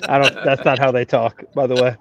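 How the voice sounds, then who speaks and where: A man's voice: mid-range voice, flat delivery, brisk, gravelly, over a noisy crowd. A man from Tennessee chatting casually on a video call from an island beach, rambling with many fillers. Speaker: co-host. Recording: dull lo-fi call audio.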